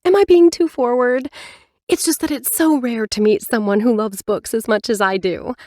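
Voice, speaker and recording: A woman's voice: a little high, normal speed, dark tone, no room sound, studio quality, voice pushed up, natural voice. A woman reader voicing a chatty, friendly female librarian who talks eagerly about books. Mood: bubbly. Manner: bubbly, eager, talkative.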